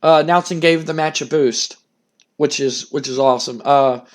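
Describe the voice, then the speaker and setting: Guy with a high voice rambling through his wrestling sim game, swears a lot. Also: moderate pace. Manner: rambling, cursing, chuckling. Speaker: game streamer.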